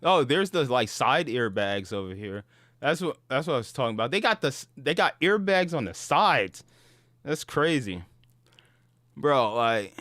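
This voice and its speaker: Slangy, animated man with a higher voice. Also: no room sound, clean studio sound. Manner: slangy and profane, peppered with "bro" and "dude"; animated, acts out sounds and voices. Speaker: gaming channel host. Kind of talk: casual storytelling to camera.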